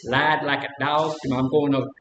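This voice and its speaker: A man counseling a recovery group talks casually and briskly, with flat delivery and a fairly bright tone. He asks the group questions and tells humorous personal stories, and the dull audio comes from an echoey room with a faint rumble.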